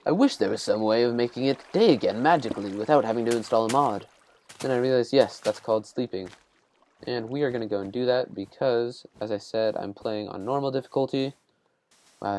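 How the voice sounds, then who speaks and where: A man's voice: medium pitch, darkish tone, no echo. A man giving casual let's-play commentary, rambling and self-deprecating as he thinks aloud while building. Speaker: gameplay commentator.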